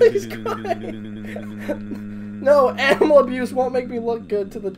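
A woman's voice: sits high, takes it slowly, crowd noise. A woman chatting casually on a live game stream, cooing and fretting over her cat while she plays. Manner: animated, coos and frets over a cat.

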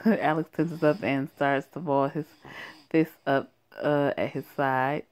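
A woman's voice: low-pitched, takes it slowly. A young woman reading her own first-person story aloud, casual and sassy, often laughing and adding asides. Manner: giggly, sassy, breaks off to laugh and comment.

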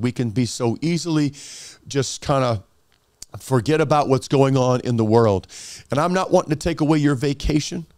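Male pastor, animated sermon storytelling, smooth voice, dry close sound. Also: medium pitch, no room sound.

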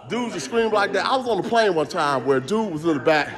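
Rambling animated comedian, man. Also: sits high, a little fast, hardly any pauses, crowd noise. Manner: rambling, animated, jumps between jokes and asides. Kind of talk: casual live-stream comedy rant.

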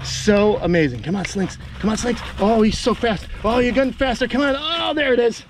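A man vlogging outdoors, coaxing a big lizard along in a sing-song voice and talking excitedly to his viewers. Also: extremely high pitch, fairly quick, slight background noise. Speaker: reptile keeper vlogger. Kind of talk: excited outdoor vlog narration. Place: outdoors on a property.

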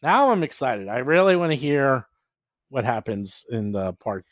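Animated storytelling man. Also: mid-range voice, no room sound. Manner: animated, acts out players in quick quoted voices. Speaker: guest, adventure author and publisher. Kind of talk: casual podcast interview.

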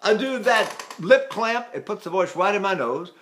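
Older tenor teacher talking chattily. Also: male voice, high voice, expressive, moderate pace, fairly bright tone. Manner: chatty, self-mocking, breaks into sung vowels. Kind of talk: spoken vocal lesson with sung demonstrations.

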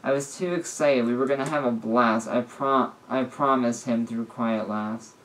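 A man's voice: medium pitch, moderate pace, fairly bright tone, slight background noise, rough recording. A man casually reading a story aloud, often stumbling and correcting himself. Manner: stumbling, with frequent restarts and self-corrections. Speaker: story reader.

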